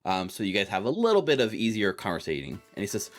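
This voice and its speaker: A man's voice: lowish voice, wildly swooping pitch, quick pace, few pauses, faint music behind. A man narrating a tabletop game as game master, in a casual way full of "like" and fillers.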